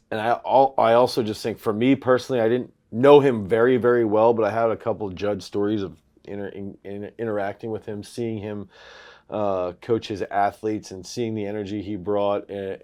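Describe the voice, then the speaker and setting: A man in his thirties with a low voice co-hosts a throws coaching show. He talks casually and gets loud and animated when he tells a story. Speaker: throws coach, podcast co-host. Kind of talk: casual sports chat.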